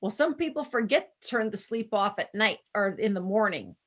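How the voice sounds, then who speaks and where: A woman's voice: mid-range voice, animated, normal speed, fairly bright tone. A woman chatting casually on a video call, telling stories and coaching people through steps, laughing often. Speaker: presenter guiding users. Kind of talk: casual chat.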